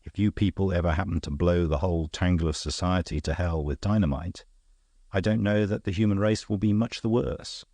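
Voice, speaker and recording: A deep-voiced, worldly gentleman detective, as a man reads him aloud, explaining himself in a calm, dry, knowing way. The audiobook sound is close and dead, with no room around it. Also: a little fast, dry recording. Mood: wry.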